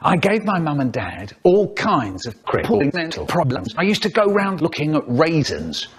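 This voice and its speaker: Man, comic storyteller, rambling, higher pitch, very animated delivery. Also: normal speed. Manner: rambling storyteller who jumps into character voices. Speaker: narrator. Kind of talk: comedic parody storytelling.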